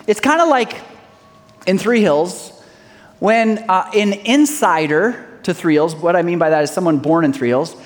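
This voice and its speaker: A man preaching a sermon as pastor, swinging between loud declarations and hushed lines, and acting out folksy small-town dialogues. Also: high-pitched. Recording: long hall reverb.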